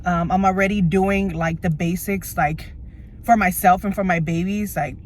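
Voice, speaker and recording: A woman's voice: lowish voice, steady tone, normal speed, slight background noise. A woman in her thirties vlogging from inside her parked car, nervous and teary, rambling with lots of fillers. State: teary, on the verge of crying. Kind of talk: tearful personal vlog.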